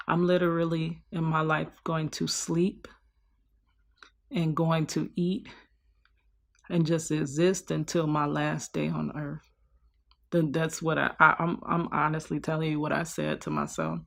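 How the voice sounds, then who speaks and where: A woman's voice: low voice, a little slow, vocal fry. A young woman talking in a personal vlog, weary and heartfelt, trailing off and restarting as she speaks. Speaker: vlogger.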